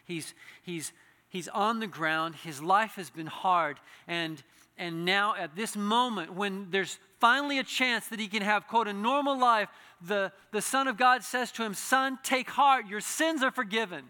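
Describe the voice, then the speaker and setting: A man's voice: sits high, unhurried, bright, forceful tone. A man preaching a sermon, earnest and building to impassioned pleading, with frequent restarts. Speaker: pastor. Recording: reverberant hall.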